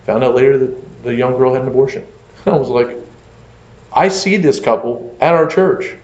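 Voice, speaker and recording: A man, a pastor, telling a story in a conversational lecture, animated and full of fillers like "like" and "you know". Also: mid-range voice, normal speed. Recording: echoey room, dull lo-fi sound.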